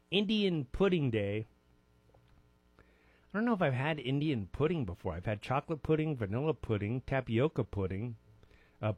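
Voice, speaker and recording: A man's voice: mid-range voice, darkish tone, no room sound. Man, forties, radio host, casual rambling chat, self-mocking jokes, dry studio sound.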